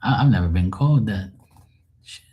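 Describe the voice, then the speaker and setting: A deep, husky man talks loosely to his livestream viewers. He rambles, answers comments as they come in and keeps clearing his throat. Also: lively intonation, normal speed, mellow. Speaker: livestream host. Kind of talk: casual livestream chat reading comments.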